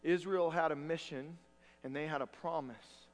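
A man preaching a sermon as pastor, earnest with wry humor, moving between loud emphasis and quiet asides. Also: fairly high pitch, steady tone, normal speed, soft background music. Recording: long hall reverb.

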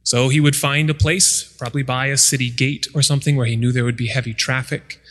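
A man's voice: medium pitch, steady tone, brisk, a bit bright, long reverb tail. A man preaching a sermon, retelling scripture stories and acting out the people in them. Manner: storytelling, acts out voices of the people in the story. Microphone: microphone.

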